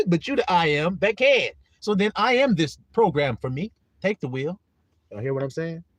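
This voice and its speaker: A man preaching informally on a live stream, animated and profane, breaking into shouts and acting out voices. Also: a little high, normal speed, no echo. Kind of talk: informal street-style preaching.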